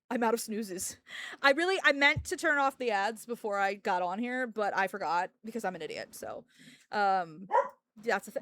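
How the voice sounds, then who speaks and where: Animated ranting woman streamer. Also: medium pitch, normal speed. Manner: ranting, sarcastic, laughs often. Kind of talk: casual livestream chat.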